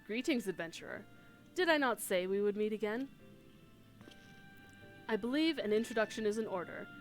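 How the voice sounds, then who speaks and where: A man's voice: high voice, expressive, moderate pace, soft background music. An eccentric young male scholar in a game cutscene. His speech is formal and theatrical, delivered with grand flourish. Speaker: scholar observer. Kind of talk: voiced game cutscene dialogue.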